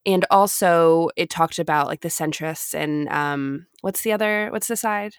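A woman's voice: low voice, unhurried, smooth, no room sound, studio quality. A woman in her twenties co-hosting a podcast, chatting casually, laughing often and restarting her sentences. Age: 20s. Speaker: podcast co-host. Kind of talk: casual chat.

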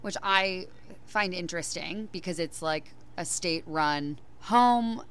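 Bright chatty woman retelling a movie. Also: on the low side, unhurried, clean tone. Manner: animated storyteller, acts out quotes, lots of "like". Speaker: podcast co-host. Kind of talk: casual chat recapping a movie.

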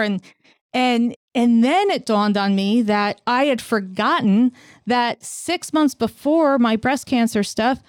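A woman's voice: a little high, unhurried, clear, resonant tone, no echo, studio quality. A woman in her forties hosting a podcast in casual chat, telling stories animatedly and acting out what people said. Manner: animated storyteller who acts out quotes. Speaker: podcast host.

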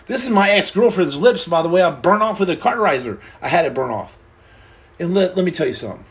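A man from the United States hosting a live stream, joking with viewers and reading their questions, animated and playful, acting out little scenes, stammering and restarting as he goes. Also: sits high, fast talker. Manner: animated and playful, acts out scenes and repeats himself. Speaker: livestream host answering viewer questions.

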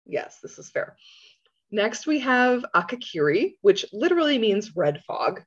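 Giggly woman co-host, lively swooping voice, dull lo-fi sound. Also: on the high side, a little slow. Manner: giggly, animated, swears freely. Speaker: podcast co-host. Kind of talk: casual chat. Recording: dull lo-fi audio.

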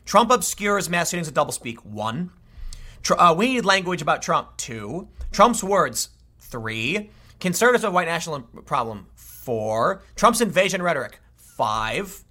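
A man's voice: a little high, big pitch swings, unhurried, sharp tone. A man giving casual political commentary, exasperated and ranting, with frequent restarts.

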